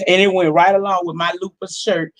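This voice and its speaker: A hoarse woman in her forties chats to her live-stream audience from home, her voice roughened by a cold. She talks in a sassy, salty, familiar way, calling her viewers honey and girl, recorded on a simple home setup. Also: fairly low pitch, steady tone, moderate pace. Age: 40s. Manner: sassy, profane, talks straight to the chat. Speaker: livestream host. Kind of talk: casual live-stream chat.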